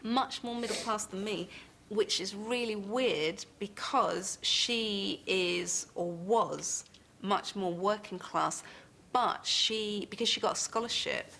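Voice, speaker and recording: A woman's voice: medium pitch, takes it slowly, creaky, pushed and bright, slight background noise. A woman, speaking reflectively in a documentary interview.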